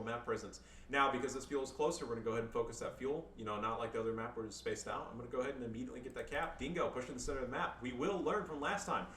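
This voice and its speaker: A man's voice: mid-range voice, pushed and bright, recorded from a distance. Crude joking male game commentator, echoey room. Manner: crude joking, frequent swearing, loose and rambling. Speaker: player commentating his own match replays. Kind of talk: casual gameplay commentary. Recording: echoey room, voice off-mic, faint background noise.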